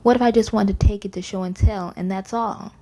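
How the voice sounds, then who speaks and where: A woman's voice: mid-range voice, moderate pace, mellow, close to an everyday voice. A woman reading the lines of a chatty, whiny little girl in a storybook. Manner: whiny and boastful.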